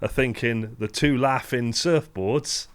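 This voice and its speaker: Male podcast host, middle pitch, casual and rambling, swears freely. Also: slow pace. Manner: rambling, restarts a lot, swears. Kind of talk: casual chat.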